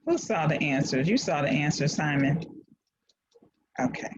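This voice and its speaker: A woman's voice: sits low, lively intonation, unhurried, a little hiss or hum. A woman teaching a class over a video call, playful and encouraging, reading out clues. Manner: playful, encouraging, laughs often. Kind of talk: online class lesson. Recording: dull lo-fi video call audio.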